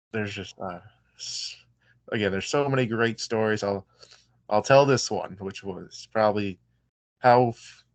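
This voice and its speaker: A man who wrestles, a guest telling stories in an easygoing, relaxed way during a casual interview. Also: fairly low pitch, no echo.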